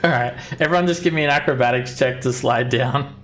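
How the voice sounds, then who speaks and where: A man's voice: medium pitch, a little fast, a bit bright, soft background music. A man narrating as game master, talking casually and filling his lines with "like" and "uh". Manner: chatty, full of "like" and "uh".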